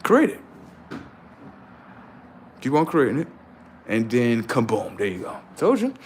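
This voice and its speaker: Animated, profane man ranting on a livestream. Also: medium pitch, measured pace, pauses often, slight background noise. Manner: animated, profane, preachy, rising to shouts. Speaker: livestream host. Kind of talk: unscripted livestream rant.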